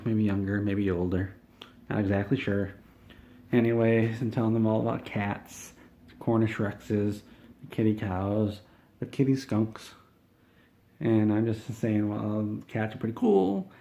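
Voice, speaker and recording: A man telling a rambling, deadpan comedic story, meandering and halting with frequent restarts. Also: on the low side.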